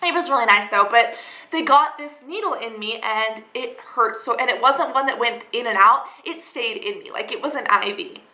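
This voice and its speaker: A woman's voice: a little high, moderate pace, bright, forceful tone, reverberant, poor audio. A young woman vlogger rambling through a dramatic storytime retelling, full of fillers. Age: young adult. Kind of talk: storytime vlog.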